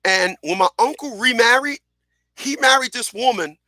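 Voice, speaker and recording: A middle-aged man hosting a radio show, telling stories in a casual, animated way, repeating phrases and acting out what people said. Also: very high-pitched, normal speed, no room sound, studio quality. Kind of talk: casual storytelling monologue.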